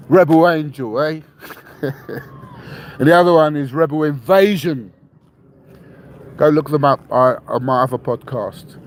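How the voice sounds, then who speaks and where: A defiant man from England, raised in London, hosts a rambling podcast monologue with faint traffic behind him. His voice is a little high on a rough recording, and he is blunt, swears, repeats himself, and tacks "yeah?" onto his statements.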